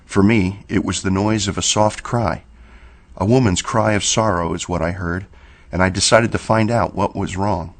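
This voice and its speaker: A man reading a horror story aloud in a slow, measured storytelling manner. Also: sits low. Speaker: narrator. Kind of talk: scripted horror narration.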